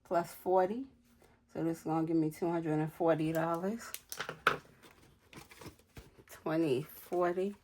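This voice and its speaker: A woman's voice: deep voice, steady tone, measured pace, long pauses, noisy background. Chatty woman in her 40s counting cash and telling stories, from new york city. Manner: chatty, storytelling, counts money aloud, laughs often. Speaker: budgeting vlogger. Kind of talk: casual chat while cash stuffing.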